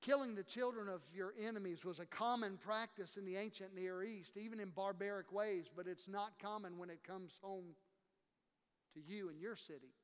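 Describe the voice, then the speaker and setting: In a long, reverberant church hall, a pastor preaches with impassioned emphasis, his voice very high for a man and his tone clear and resonant. He speaks at normal speed and acts out the people he quotes.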